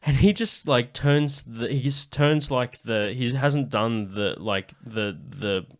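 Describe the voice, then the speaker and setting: Swearing Australian comedy host. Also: male voice, medium pitch, takes it slowly. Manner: animated storyteller, swears often. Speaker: podcast host. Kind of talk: casual comedic chat.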